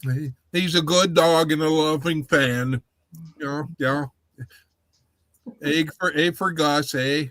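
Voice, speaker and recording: A man's voice: fairly high pitch, fairly even intonation, slow pace, long pauses, a bit bright, dry recording. A man putting on a folksy Scandinavian-Minnesotan guy. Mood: jokey. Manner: sing-song "eh?" tag questions.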